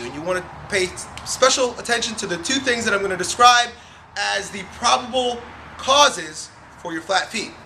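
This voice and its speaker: A young man with a Long Island accent, a strength coach hosting his own show and answering a viewer's question in an energetic, streetwise, talkative way. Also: sits high, slight background noise.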